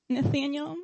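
A woman's voice: high-pitched, gravelly, mellow, dry recording, lo-fi sound. A middle-aged woman giving a heartfelt sermon at a church service. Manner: heartfelt, tearful at times.

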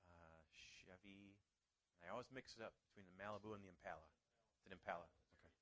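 A man preaching a sermon, sniffly, telling stories with lively acted-out quotes. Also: sits low, fast, poor audio. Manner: animated storytelling with acted-out quotes.

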